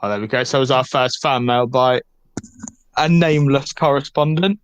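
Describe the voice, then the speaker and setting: A man co-hosts a relaxed podcast, laughing easily and nudging the talk back on track. His voice sits at a middle pitch. The sound is dry and close. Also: moderate pace, clear, resonant tone, no room sound. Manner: laughs often, keeps the show on track. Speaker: podcast co-host. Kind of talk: casual chat, steering the show.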